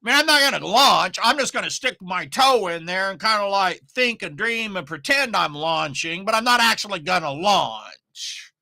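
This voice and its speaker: Man doing a whiny slacker voice, hesitant, wheedling, full of excuses, raised and nasal-bright tone. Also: high voice, lively intonation, moderate pace, creaky, no echo, heavily acted. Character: whiny reluctant adult man dodging work.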